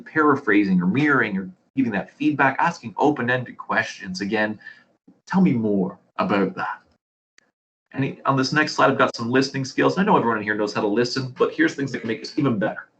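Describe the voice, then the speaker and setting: A man's voice: medium pitch, fairly bright tone, poor audio. A man leading a staff training session, explaining with anecdotes and rhetorical questions in an earnest manner. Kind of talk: presenting a staff training talk.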